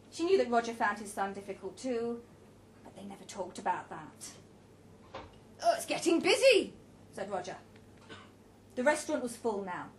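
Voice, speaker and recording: A woman narrating a story in an even, measured reading voice. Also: a little high, a little hiss or hum. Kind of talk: audiobook narration.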